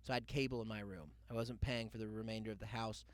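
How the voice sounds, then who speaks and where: With no room sound, a young podcast host tells a loose, rambling comic story packed with asides and mock quotes. His voice is lowish, fairly even in intonation, and quick.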